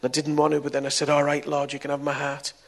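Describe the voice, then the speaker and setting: A middle-aged man preaches to a gathering. He tells a personal story, and his voice moves between quiet, confiding passages and sudden loud bursts. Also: on the high side, completely flat delivery, fast talker, vocal fry. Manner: storytelling, swings from soft to loud. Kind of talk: testimony sermon.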